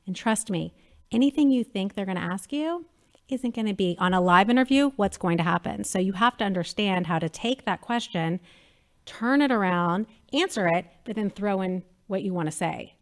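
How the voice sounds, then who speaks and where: A woman in her thirties, a media company president chatting as an interview guest, telling lively stories and acting out quotes. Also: medium pitch, normal speed. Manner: animated storyteller, acts out quotes. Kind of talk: casual interview chat.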